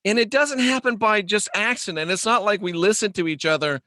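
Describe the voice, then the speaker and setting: A man's voice: sits high, fairly quick, sharp tone, no room sound, clean studio sound. A man hosting a casual livestream monologue, rambling and joking as he answers viewer comments. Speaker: host.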